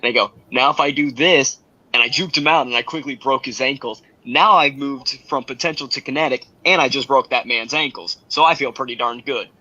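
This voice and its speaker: A man's voice: mid-range voice, a little fast, hardly any pauses, muffled recording. A young man, a schoolteacher, chatting casually on a sports podcast and acting out the people in his stories. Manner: animated storyteller, acts out quotes.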